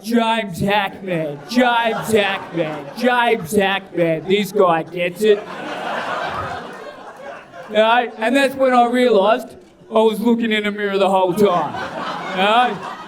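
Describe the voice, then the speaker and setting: A man doing a stand-up set on a club stage, with punchy, repetitive delivery built on a catchphrase. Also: high-pitched. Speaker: stand-up comedian. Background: crowd laughing and cheering.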